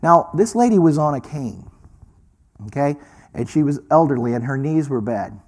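A man preaching, telling a personal story with lively delivery and acting out the voices of people he met. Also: a little high, normal speed. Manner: animated storyteller, acts out quoted voices. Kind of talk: sermon storytelling.

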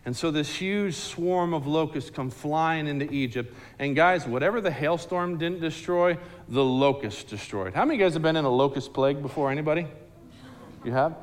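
A man telling a Bible story to a group in a casual, animated, slangy way, asking the listeners questions directly. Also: fairly high pitch, moderate pace, in a large hall.

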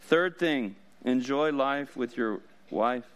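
A man's voice: medium pitch, lively intonation, takes it slowly, clean tone. A man preaching a sermon as pastor, in a casual, joking way with frequent laughs.

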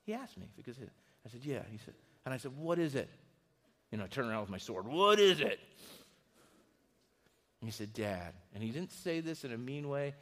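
A middle-aged man preaching a sermon as a pastor, telling stories in a lively, conversational way. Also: mid-range voice, fast. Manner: storytelling, animated and conversational. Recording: reverberant hall.

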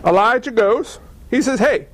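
A man's voice: very high voice, lively intonation, moderate pace, a bit bright. A man preaching a sermon, retelling a story with humor and acting out the characters in mocking voices. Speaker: pastor.

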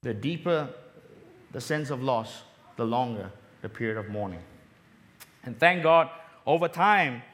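A middle-aged man from Malaysia giving a sermon, telling a personal story and dropping soft and low on tender moments. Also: expressive, unhurried, pauses often, slight background noise. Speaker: preacher.

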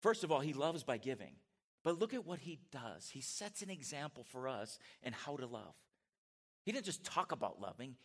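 A middle-aged pastor preaches in a church sanctuary, animated and conversational, making asides to his congregation. His voice is a little high.

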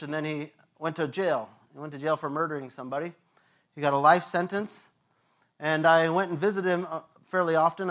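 Animated, higher-voiced male pastor. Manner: animated storyteller who acts out quotes and sound effects; frequent fillers and laughs. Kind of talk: sermon with a storytelling anecdote.

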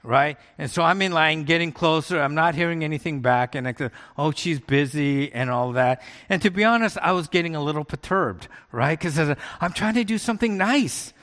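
A man preaching a sermon as a pastor, telling everyday stories in a relaxed, conversational way with quick laughs. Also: a little high, big-room sound.

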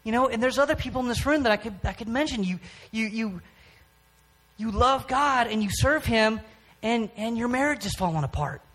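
A man giving a personal testimony from the front of a church, speaking in a halting way with frequent pauses and restarts. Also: very high-pitched, animated, a bit bright.

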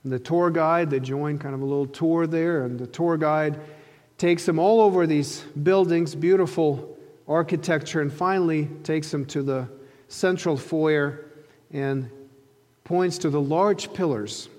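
A man's voice: on the high side, a little mellow. Earnest male preacher in a reverberant hall. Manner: earnest storytelling preacher, slows for emphasis. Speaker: pastor. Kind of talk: sermon.

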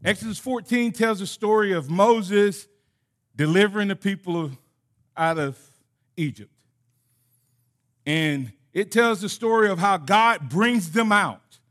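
A man preaching a sermon in a high, bright voice. He acts out conversations between God and his listeners with lively emphasis. His delivery is animated and direct. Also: measured pace, pauses often. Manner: animated preaching that drops to a soft closing prayer. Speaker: pastor.

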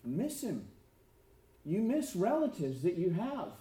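A man's voice: high voice, huge pitch swings, measured pace, mellow. Emphatic preaching man, echoey hall. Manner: emphatic preaching with rhetorical questions and dramatic drops. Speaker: pastor. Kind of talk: sermon.

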